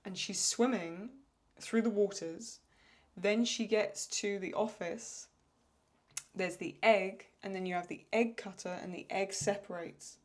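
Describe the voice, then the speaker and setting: A woman's voice: medium pitch, fairly even intonation, unhurried. A woman hosting a casual question-and-answer chat, thinking aloud with restarts and laughing as she retells funny lines. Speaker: channel host answering viewer questions.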